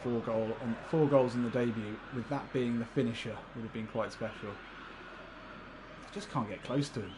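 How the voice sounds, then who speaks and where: A gaming livestreamer comments live on a football video game in a steady, mid-range voice at a moderate pace, with background noise present. He's chatty, laughs often, swears casually, and talks directly to his viewers.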